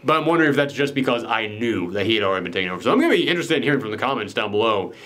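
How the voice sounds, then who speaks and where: A man's voice: fairly low pitch, very animated, rapid-fire, fairly bright tone. Casual man retelling a film's ending. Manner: loose, profane, acts out quotes. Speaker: film reviewer. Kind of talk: casual spoiler chat.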